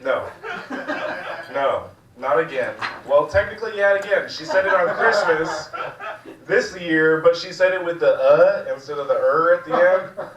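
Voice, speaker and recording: A man's voice: a little high, measured pace, reverberant, distant mic, dull audio, a crowd in the background. A young man doing a rambling, crude, self-mocking stand-up set. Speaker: stand-up comedian. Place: small comedy room.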